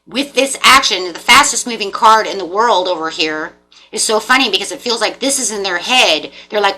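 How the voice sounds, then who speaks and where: A woman giving a casual tarot reading, animated and repetitive, acting out the people in the cards. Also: medium pitch, normal speed. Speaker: tarot reader.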